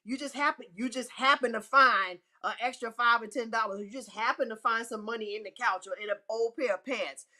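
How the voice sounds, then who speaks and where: A woman's voice: fairly quick, hardly any pauses, pushed and bright. A woman speaking as an inspirational speaker in a faith-filled motivational talk, emphatic and repeating phrases for effect. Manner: acts out quotes with pitch swings.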